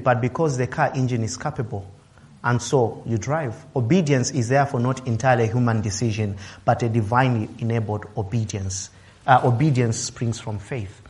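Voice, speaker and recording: A man preaching a sermon, swinging his voice up and down for emphasis, acting out quotes and laughing now and then. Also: mid-range voice. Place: office worker.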